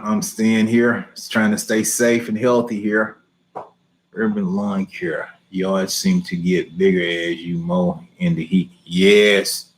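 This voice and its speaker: A man hosting a live lawn care question and answer stream, chatting easily, chuckling often and repeating himself. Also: lowish voice.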